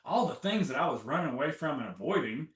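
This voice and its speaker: A man's voice: fairly high pitch, fast talker. A man speaking as a guest on a health interview, telling his story with energy and acting out his own inner voices. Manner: animated storytelling, acts out inner dialogue. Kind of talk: casual interview talk. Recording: roomy, from a distance.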